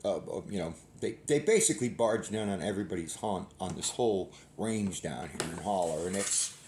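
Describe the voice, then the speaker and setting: A man's voice: deep voice, expressive, normal speed, a little mellow, slight background noise. A middle-aged man hosting a hunting channel, telling a long story in a folksy, rambling way and often restarting his sentences. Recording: roomy echo.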